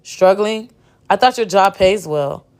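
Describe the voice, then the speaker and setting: A woman's voice: mid-range voice, lively intonation, a little slow, a little mellow, smooth, close to an everyday voice. A woman reading the lines of a proper middle-aged mother who speaks in a prim, reproachful way.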